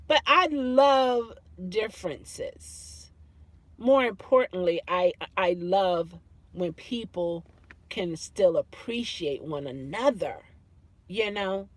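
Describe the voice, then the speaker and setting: A woman vlogger chatting casually as she reads out viewer comments, laughing often and slipping into playful impressions. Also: mid-range voice. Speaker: YouTube vlogger. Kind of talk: casual chat reading comments.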